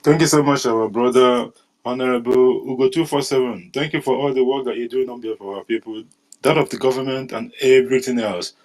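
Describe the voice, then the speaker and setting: A man phones in to a live show with earnest, rallying words. His voice sits at an ordinary middle pitch, and he sounds sincere and grateful. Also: fairly even intonation, brisk, poor audio. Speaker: caller. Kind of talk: live call-in remarks.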